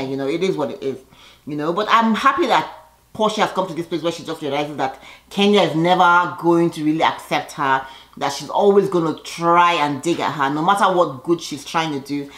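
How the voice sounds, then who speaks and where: A woman's voice: fairly low pitch, brisk, a bit bright. A woman doing a casual, gossipy recap of a reality TV episode, saying "girl" and "you know" a lot. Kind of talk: casual chat. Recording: echoey room.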